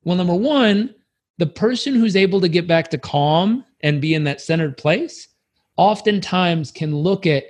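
Animated male motivational speaker. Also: high-pitched, unhurried. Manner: animated, acts out little voices and scenes. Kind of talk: motivational talk.

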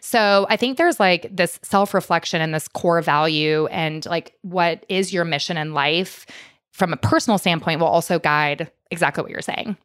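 Woman, 30s, podcast host; earnest, chatty delivery, slightly low voice, dry. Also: moderate pace, a bit bright, clear, resonant tone, no echo. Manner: earnest, heartfelt, chatty with many "like"s. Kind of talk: casual conversational interview.

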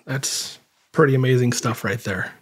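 A man's voice: mid-range voice, moderate pace, husky. Supportive male podcast host. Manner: supportive, short affirmations. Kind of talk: casual interview.

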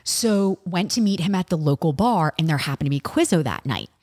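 This woman has a lowish voice with a long reverb tail, and she tells stories the way a podcast co-host does, in loose chat. She is animated, swears freely and fills her talk with "like" and "literally.". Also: fairly quick. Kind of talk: casual storytelling chat.

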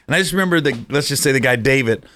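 Man, comedian, animated storyteller, bright tone, swooping pitch. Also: very fast. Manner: animated storyteller acting out people, laughing often. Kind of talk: casual storytelling chat.

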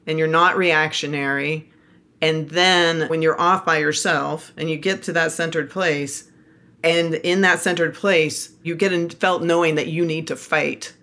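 A woman co-hosting a podcast in casual conversation, explaining her ideas in a reflective, measured way. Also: deep voice, fairly even intonation, bright, forceful tone. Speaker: podcast co-host.

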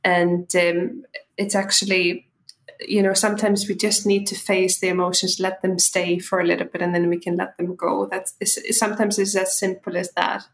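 A woman from Iceland whose accent blends Icelandic, Irish and English, talking in a relaxed way with fillers as a guest in a casual interview. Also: lowish voice, normal speed, vocal fry, low-quality recording. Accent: Icelandic, with Irish and English influences. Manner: relaxed, with filler words and restarts. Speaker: podcast guest.

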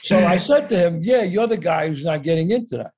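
A man's voice: high voice, a little fast, slightly rough. A man telling a story from his life in casual conversation, acting out the people in it and swearing freely. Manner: animated, profane, acts out quoted voices. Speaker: guest actor.

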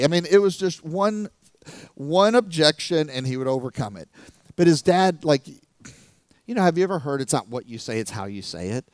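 A middle-aged man telling a story as a motivational speaker, animated, acting out the voices of the people in it. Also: a little high, moderate pace, dry recording. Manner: animated, acts out the voices of people in his stories. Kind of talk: storytelling talk to a live audience.

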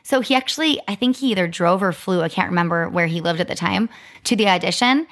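A woman's voice: on the low side, quick pace. A woman in her thirties co-hosting a podcast, telling a story in casual chat with lots of "like" fillers. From Arizona, US. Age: 30s. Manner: chatty, lots of "like" fillers, animated retelling. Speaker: podcast co-host.

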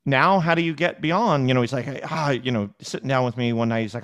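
A man talking as a guest on a podcast, animated and repeating words as he acts out little conversations. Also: medium pitch, a little fast, clean tone. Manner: animated storyteller, acts out dialogue, frequent word repeats. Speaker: podcast guest, restaurant technology executive. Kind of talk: casual interview talk.

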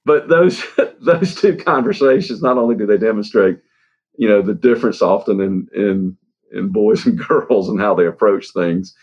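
A man with a very low voice, speaking as an interview guest. He talks in a halting way, pausing on fillers and laughing softly. The recording is dull and lo-fi. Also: husky. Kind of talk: interview storytelling. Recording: dull lo-fi sound.

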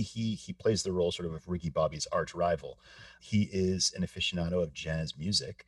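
A man co-hosting a podcast, explaining things in a measured, explanatory way. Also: on the low side, a bit bright, no room sound, distant mic. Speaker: podcast co-host. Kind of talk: casual podcast discussion.

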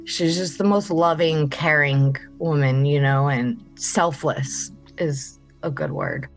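A woman interviewed about a close friend, animated and acting out little quoted exchanges. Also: deep voice, slow pace, faint music behind. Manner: animated storyteller, acts out quotes. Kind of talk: documentary interview.

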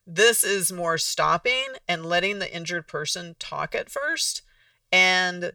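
A casual podcast host with a gravelly, bright voice, explaining things conversationally and acting out little example exchanges. The sound is dry, picked up from a bit away from the microphone. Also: medium pitch, lively intonation, slow, no echo, far from the mic. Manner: conversational, restarts sentences, acts out example dialogues.

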